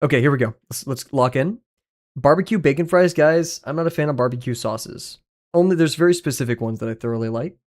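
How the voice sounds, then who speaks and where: A male streamer talking casually to his chat, rambling from one thing to the next. He swears freely, cracks jokes and laughs often, his voice sitting at an ordinary middle pitch. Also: a little fast, darkish tone. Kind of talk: casual livestream commentary.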